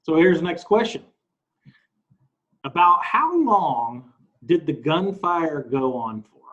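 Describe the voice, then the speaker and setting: Slow, deliberate man reading aloud. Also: on the high side, sing-song, fairly bright tone, highs cut off. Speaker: podcast co-host. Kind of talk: casual chat, reading a transcript aloud.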